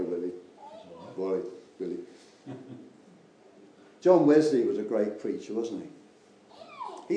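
An older man preaches an earnest, rambling sermon, his voice mellow and dark in tone. His pitch rises and falls in a lively way. The recording is very echoey, with faint ambient noise of the church hall behind him. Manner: earnest, rambling, with many restarts and asides.

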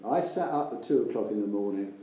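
A man's voice: on the low side, animated, a little fast, dark tone, slight background noise. An older man, preaching an earnest sermon that rambles with restarts and asides. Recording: echoey room with faint ambience.

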